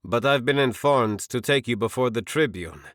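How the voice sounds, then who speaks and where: A man voicing a stern, authoritative Roman centurion in an audiobook, firm and commanding in a measured way. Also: mid-range voice, expressive, fairly bright tone, no room sound, clean studio sound, close to an everyday voice. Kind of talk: audiobook character voice.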